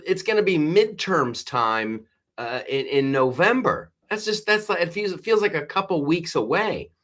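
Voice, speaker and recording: A man's voice: on the high side, fairly bright tone. Exasperated man ranting on a live stream. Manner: exasperated, rambling, many restarts and fillers. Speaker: host. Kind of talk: live-stream political commentary reading chat.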